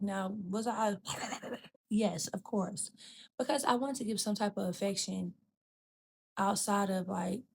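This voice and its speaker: A woman's voice: medium pitch, vocal fry, slightly rough. Frank, profane woman telling a story. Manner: frank and profane, addresses listener as "girl" and "bitch"; animated, acts out quoted people. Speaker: podcast host. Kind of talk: candid storytelling chat.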